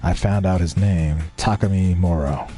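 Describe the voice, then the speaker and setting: A man's voice: deep voice, normal speed, mellow, soft background music. A man casually reading a visual novel aloud, voicing its characters and swearing now and then. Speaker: let's play streamer.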